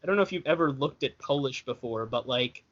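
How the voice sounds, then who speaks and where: A man's voice: mid-range voice, animated, quick pace. A young man co-hosting a casual podcast, chatting in a rambling way and correcting himself as he goes. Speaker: podcast co-host. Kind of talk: casual chat. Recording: dull lo-fi podcast audio.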